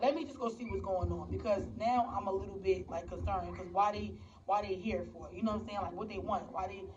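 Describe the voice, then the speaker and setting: A woman reviewing movies recaps a film for her viewers from home, with children nearby, rambling with many restarts and speaking straight to them. Her mid-range voice is a little fast with fairly even intonation. A crowd can be heard in the background, and the distant, dull mic picks up faint background noise.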